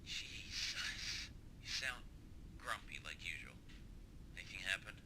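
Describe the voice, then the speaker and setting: A gruff radio handler over a noisy channel. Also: male voice, lively intonation, unhurried, sharp tone, heavily acted. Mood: tense. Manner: curt, blunt, swearing, coaching in low tones. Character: gruff male radio handler guiding a lost partner. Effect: radio transmission.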